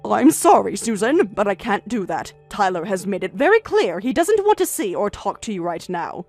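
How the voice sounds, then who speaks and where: Firm, measured older grandmother, read by a woman, lively in pitch, with soft music underneath. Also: no echo. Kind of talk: story narration with dialogue.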